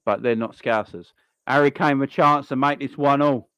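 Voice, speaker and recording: A man talking casually through a live football watchalong, rambling and answering his viewers between the action. His voice sits at an ordinary middle pitch. It is picked up dry and close, with no room sound around it. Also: steady tone, normal speed, a bit bright, clear, resonant tone, dry recording. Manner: chatty and rambling, greets viewers and answers chat. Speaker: live-stream host.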